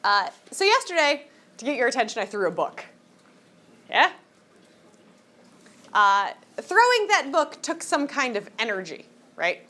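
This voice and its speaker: A woman teaching a high school class in a classroom, lecturing in a joking, teasing way and throwing questions at the students. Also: big pitch swings, a little slow, long pauses, bright, forceful tone.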